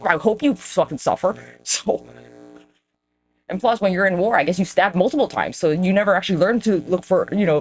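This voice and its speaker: A woman hosting her own podcast, rambling in a casual, profane, self-mocking monologue aimed straight at her viewers. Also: on the low side. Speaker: podcast host.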